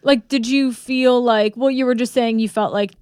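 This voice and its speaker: Woman host, bright-ish higher voice, dry close sound, curious interviewer. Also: steady tone, moderate pace, clean tone, no echo. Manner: curious, encouraging, asks follow-ups. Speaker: podcast host. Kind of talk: casual podcast interview.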